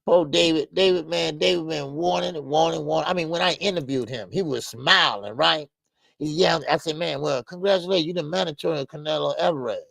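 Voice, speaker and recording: This is a brisk, gravelly older man running a boxing show live stream, captured in a dry recording. Reacting to chat in casual, animated commentary, he repeats fillers constantly and goes up in pitch when he protests.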